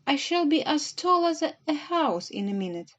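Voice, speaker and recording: A woman's voice: high-pitched, sing-song, normal speed, muffled recording, pitched above the performer's own voice. A woman reading the part of Alice, a curious, fretful young girl who exclaims and wonders aloud. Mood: astonished.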